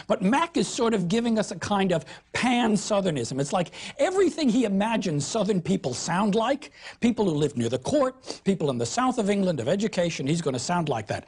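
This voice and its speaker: A woman lecturing on literature in an animated, expressive way, with emphatic stresses. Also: fairly low pitch, moderate pace, husky. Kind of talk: recorded lecture.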